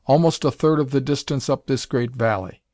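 A man's voice: normal speed, a little mellow, no echo, studio quality, natural voice. A man voicing a fierce, proud warrior officer who speaks in archaic thee-and-thou English. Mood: assured. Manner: archaic thee-and-thou speech, deep and commanding.

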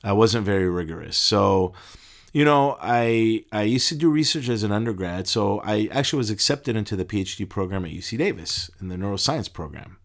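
A middle-aged man telling stories in a casual interview, a little low-pitched in his ordinary talk. He stumbles over his words, laughs, and his voice jumps up high whenever he gets excited. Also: a little fast. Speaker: interview guest, deacon and pharmacist.

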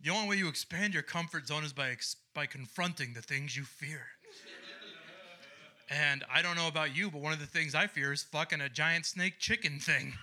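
A young man from Ohio doing a stand-up comedy set, crude and sardonic, launching into loud ranting bits. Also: fairly high pitch, moderate pace, noisy background.

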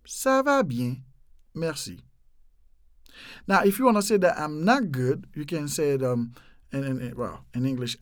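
A man hosting a podcast lesson, casually teaching phrases and repeating them slowly with fillers. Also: a little high, very animated, no echo, clean studio sound. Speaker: podcast host teaching languages.

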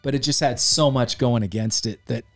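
A man's voice: medium pitch, moderate pace. A man co-hosting a podcast, casually recapping a movie, acting out scenes and laughing, with light swearing. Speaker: podcast co-host. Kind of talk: casual movie review chat.

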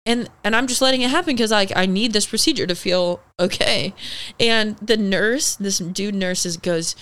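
A young woman with a smooth, clear voice and a middling pitch. She is a guest chatting casually on a podcast. She tells her stories in an animated way, swears a lot, and leans on "like.". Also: moderate pace. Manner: animated storytelling, heavy swearing and "like" fillers; acts out the people in her story. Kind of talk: casual interview chat.

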